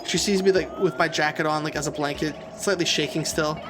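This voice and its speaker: A man casually telling a story while playing a game, animated and loud when quoting people. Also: on the high side, fairly quick, noisy background. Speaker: co-host of a gaming channel. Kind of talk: casual storytelling during gameplay. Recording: game music behind the voice. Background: video game music.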